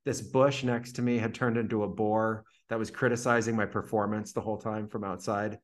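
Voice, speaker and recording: A man's voice: fairly low pitch, little pitch movement, fairly quick. A man telling a story, loaded with fillers. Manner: vivid retelling full of "like" fillers. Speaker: podcast guest. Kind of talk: casual storytelling.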